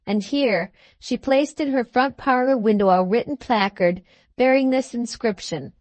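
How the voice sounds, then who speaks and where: A woman narrating a classic novel for an audiobook with measured, even storytelling. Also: medium pitch, no echo. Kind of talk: scripted narration.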